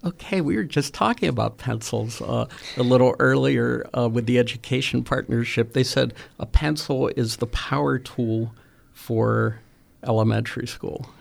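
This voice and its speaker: A man's voice: medium pitch, normal speed, creaky. A man hosting a casual interview, encouraging and praising his young guest. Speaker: interviewer host.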